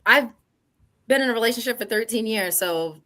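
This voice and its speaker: A woman's voice: a little high, a little fast, sharp tone. A woman on a podcast panel, explaining her side in earnest and repeating herself as she talks. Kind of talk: casual panel debate.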